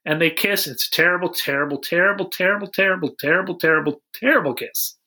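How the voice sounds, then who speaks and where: A man's voice: high-pitched, quick pace, sharp tone. A man co-hosting a casual movie review chat, sarcastically recapping scenes. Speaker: podcast co-host.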